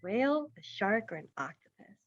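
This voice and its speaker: A woman's voice: medium pitch, very animated, normal speed. A woman reading her team's story aloud to an online class and asking the listeners to choose. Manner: reads aloud, then asks the audience. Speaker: workshop participant. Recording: dull, dry video call audio.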